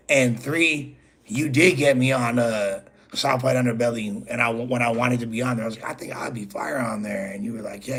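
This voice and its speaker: A man's voice: medium pitch, fairly bright tone, slightly rough. A man hosting his own channel, talking straight to a rival in a rambling, profane, casual monologue full of "bro" and "you feel me". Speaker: host.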